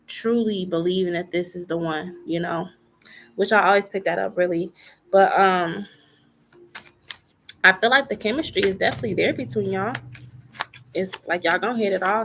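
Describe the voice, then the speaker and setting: A woman's voice: mid-range voice, creaky, fairly bright tone, a little hiss or hum. A woman giving a live tarot reading in a chatty way, repeating herself and filling gaps with little asides. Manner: chatty, repeats phrases, many fillers. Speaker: tarot reader.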